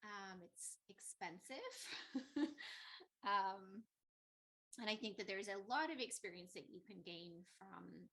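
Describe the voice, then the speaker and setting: A woman's voice: mid-range voice, expressive, slow, pauses often, a bit bright, poor audio. A woman guest on an online panel, talking thoughtfully with many ums and likes over a video call. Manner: thoughtful, many fillers and hedges. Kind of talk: casual online panel chat.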